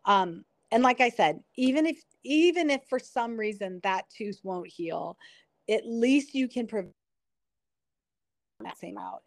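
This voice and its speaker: A woman's voice: a little high, animated, a little slow, gravelly, dry recording. A middle-aged woman, a nurse and guest, explaining at length in conversation and telling stories with frequent restarts. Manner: chatty, explanatory, storytelling with restarts. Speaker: guest, nurse and product founder. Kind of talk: conversational interview.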